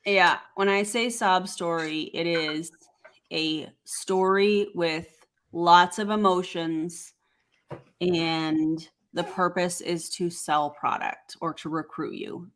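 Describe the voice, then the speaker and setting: A woman's voice: on the low side, steady tone, slow, fairly bright tone. A woman hosting a casual reaction commentary, making wry, skeptical asides and sounding concerned. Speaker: commentary host.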